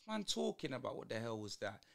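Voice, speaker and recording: A man's voice: medium pitch, sing-song, fast, gravelly. A young man, ranting in slang through a live football watch-along stream. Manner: exasperated, slangy ranting at the match.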